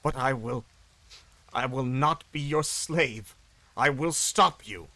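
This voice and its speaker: A man's voice: medium pitch, takes it slowly, pushed and bright, no echo, poor audio. A man voicing a remorseful, guilt-ridden man in a grave tone. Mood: grim.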